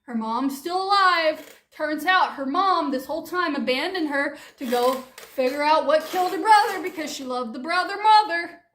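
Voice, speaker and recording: A woman's voice: high voice, lively intonation, moderate pace, few pauses, a bit bright, roomy sound. A young woman improvising a rambling comedic story, giggly and scattered, swearing as she goes.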